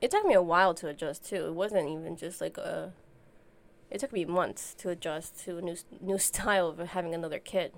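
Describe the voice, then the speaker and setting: A woman's voice: lowish voice, brisk, gravelly. A young woman co-hosting a casual chat, telling stories with lots of fillers and frequent laughter. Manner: chatty storyteller, laughs often, many fillers. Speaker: podcast co-host.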